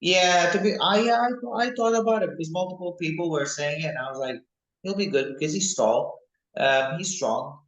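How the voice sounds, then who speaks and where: A young man, a mixed martial arts fighter, talking casually and excitedly in an interview, rambling from one thought to the next. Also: fairly high pitch, normal speed, muffled recording. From United Kingdom. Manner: rambling, excitable, animated when recalling fights. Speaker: MMA fighter, interview guest. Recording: echoey room.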